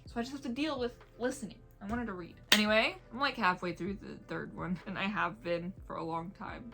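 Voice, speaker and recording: A woman with a mid-range voice reviews an audiobook for a casual video, talking fairly quickly with hardly any pauses over music. She's chatty and rambling, laughs a lot, wanders off on tangents, and drops into playful whispers when she imitates vampires.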